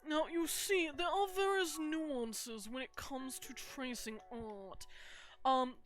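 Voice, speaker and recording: A lofty, prim art lecturer holds forth in an overly posh British accent, as a woman puts him on. The voice sits high, and every phrase comes out elaborate and self-important, as if addressing a lecture hall. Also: steady tone, takes it slowly, soft background music. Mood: haughty lecturing. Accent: put-on posh British. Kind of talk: mock lecture during a live art stream.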